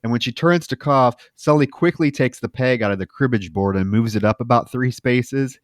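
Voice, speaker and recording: A man on a film podcast, casually retelling scenes in lively, profane detail. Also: mid-range voice, moderate pace, no echo, studio quality.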